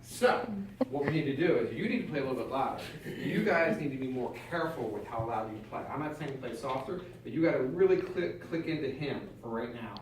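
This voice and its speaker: A man coaches a small brass ensemble, speaking directly and encouragingly as he counts the players in. His voice sits in a middle pitch. The room is echoey, he is recorded from some distance, and there is faint background noise. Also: animated, brisk. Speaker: band clinician coaching a student brass ensemble. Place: band room.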